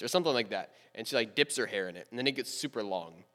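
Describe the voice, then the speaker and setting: Low-voiced young man retelling a story. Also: expressive, racing, few pauses, a bit bright, big-room sound. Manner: rambling, playful retelling with quoted asides. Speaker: podcast co-host. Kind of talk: casual storytelling chat.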